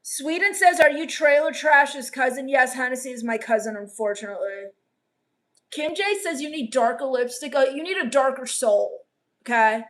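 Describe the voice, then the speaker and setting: A woman playing a sullen, scornful goth teen vampire on a comedy live stream, reading chat with deadpan, sarcastic put-downs. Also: sits high, moderate pace.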